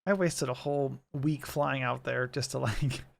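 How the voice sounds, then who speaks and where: Gravelly-voiced man telling stories. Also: mid-range voice, steady tone, unhurried. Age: 30s. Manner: chatty storyteller, laughs often. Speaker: podcast co-host. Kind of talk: casual chat.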